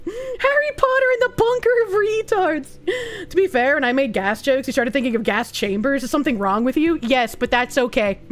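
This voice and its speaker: High-voiced woman streamer, laughing often. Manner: laughs often, swears freely, animated storytelling. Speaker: livestreamer. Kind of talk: casual chat.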